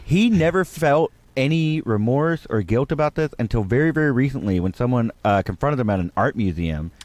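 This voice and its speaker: Animated young man chatting about movies. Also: medium pitch, brisk, no room sound. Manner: animated, laughs while telling trivia. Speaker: guest. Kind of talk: casual chat.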